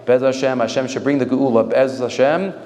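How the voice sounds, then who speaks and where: A man, a rabbi, giving a Torah talk to staff, telling a story in an animated, conversational way. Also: medium pitch, brisk. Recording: echoey hall, faint noise.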